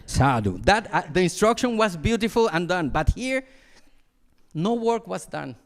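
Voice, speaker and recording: Male monk, high voice; animated storyteller who mimics sounds. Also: measured pace. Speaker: monastic teacher. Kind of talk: dharma talk with storytelling. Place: retreat hall.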